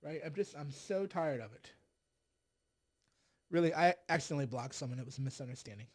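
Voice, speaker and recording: A middle-aged man with a high-pitched voice hosts a political livestream. He sounds sarcastic and exasperated, sighs often, and mocks the people he talks about. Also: animated, fairly quick. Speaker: livestream host.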